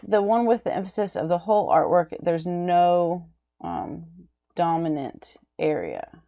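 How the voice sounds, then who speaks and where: A woman lecturing on art in an unhurried, lower voice. She stops often, restarts her sentences and fills the gaps with ums. She keeps checking in with a quick "right?". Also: a little mellow. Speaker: art teacher. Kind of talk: recorded lecture.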